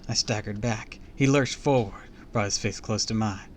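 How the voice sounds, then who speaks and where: A man's voice: on the low side, normal speed, a little hiss or hum. A man reading a book aloud on a live stream, with small slips and casual asides to his chat.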